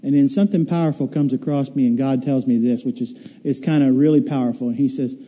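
A man's voice: medium pitch, steady tone, fast talker, few pauses, dark tone, dull audio. A man preaching a sermon to a congregation, emphatic, repeating key words and firing rhetorical questions. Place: church hall with congregation. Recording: long reverb of a large hall.

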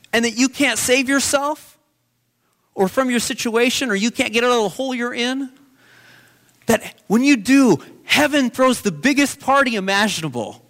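High-voiced man preaching a sermon. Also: normal speed, a bit bright. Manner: earnest storytelling preacher. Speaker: pastor.

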